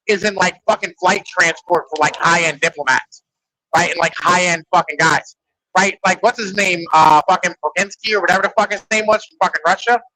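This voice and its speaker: A man's voice: high-pitched, a little fast, pushed and bright, low-quality recording. A man in casual podcast chat, rambling and profane, leaning on "like" and "right?". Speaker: podcast host.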